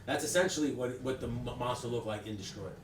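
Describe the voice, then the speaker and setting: A man co-hosting a casual podcast chat, talking in an animated way and laughing through his stories. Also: mid-range voice, fast, crowd noise. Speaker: podcast co-host. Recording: echoey room, distant mic, audible background noise.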